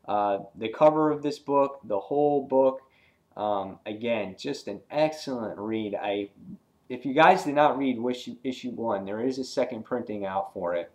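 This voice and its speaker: A man giving a casual, excitable comic book review, rambling with frequent fillers and restarts. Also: mid-range voice.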